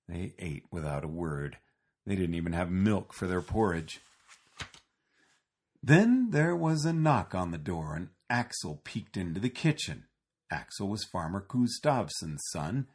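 Male storybook reader, deep, husky voice. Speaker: narrator. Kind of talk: storybook reading.

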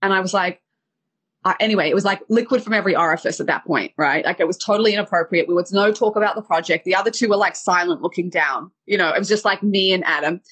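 A woman's voice: fairly low pitch, fast talker, fairly bright tone, breathy edge. A woman dating coach telling a personal story with feeling, acting out the quotes. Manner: vivid retelling with acted quotes.

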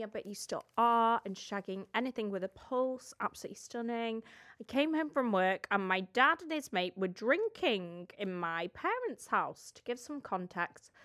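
A young adult woman co-hosting a podcast, casually chatting, laughing and swearing as she reads out listener messages. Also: a little high. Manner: laughing, swearing, animated reading. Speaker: podcast co-host. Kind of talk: casual chat, reading listener messages aloud.

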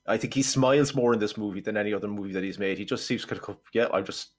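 A low-voiced man co-hosts a film podcast. His commentary is wry and sardonic in relaxed review chat. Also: racing.

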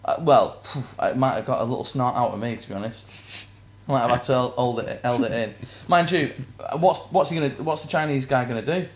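A man's voice: medium pitch, fairly quick. A man in casual podcast chat who teases and interrupts with sarcastic asides.

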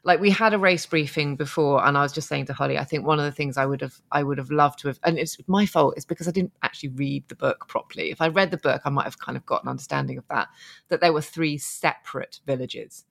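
Brief: woman, podcast co-host, casual rambling chat, some vocal fry. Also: low-pitched, fast talker. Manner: chatty, rambling with restarts and laughs. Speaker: podcast co-host, marathon runner.

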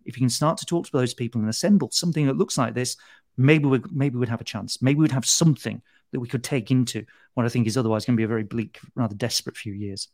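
A man appearing as an economist guest on a political show, speaking in a measured, earnest way. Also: mid-range voice, a little mellow, no echo, clean studio sound. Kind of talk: interview.

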